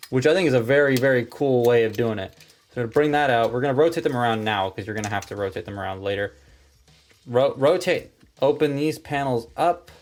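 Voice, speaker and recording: A man walking viewers through a toy, step by step, in a relaxed and chatty way. His pitch sits in an ordinary middle range. Faint clicks and tapping sit quietly behind him. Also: a little hiss or hum. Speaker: toy reviewer. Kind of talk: casual hands-on toy review.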